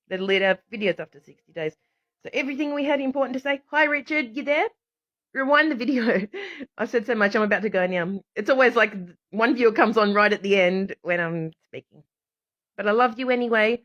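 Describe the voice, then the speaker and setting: Aussie woman rambling on a phone livestream, laughs a lot, muffled lo-fi sound. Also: mid-range voice. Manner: rambling, animated, laughs often. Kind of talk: casual live stream monologue. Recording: dull lo-fi audio.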